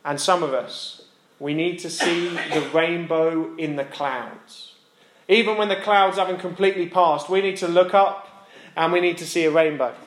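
A young man, a lay preacher who teaches physics, giving an earnest sermon that repeats its key lines for emphasis. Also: a little high. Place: church hall. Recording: echoey church room.

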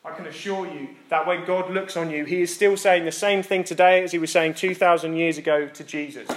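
A man with an Essex accent preaching a sermon, jokey and lively, then dropping soft and quiet to drive a point home. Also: sits high, brisk, hardly any pauses, very echoey, rough recording. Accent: Essex English. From Essex, England. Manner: animated, jokey, drops to soft intimate delivery for emphasis. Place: church.

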